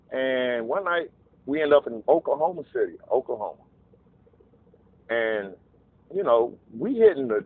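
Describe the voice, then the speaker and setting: A man telling a casual, profane story, animated and acting out voices in quotes. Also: a little high, dry recording. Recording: narrow phone-like dry sound.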